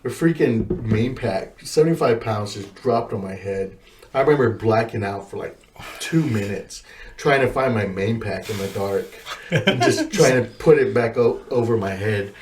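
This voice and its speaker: A young man on a podcast, telling memories in a low-key, reflective way. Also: animated, moderate pace. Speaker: podcast guest. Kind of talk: casual podcast chat. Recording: faint background noise.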